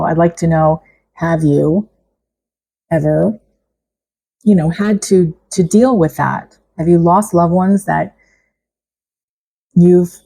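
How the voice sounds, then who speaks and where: A middle-aged woman vlogging to camera about her own experience, reflective and halting, with small restarts. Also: lowish voice, gravelly, warm tone, slightly rough, low-quality recording. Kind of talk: personal vlog talk to camera.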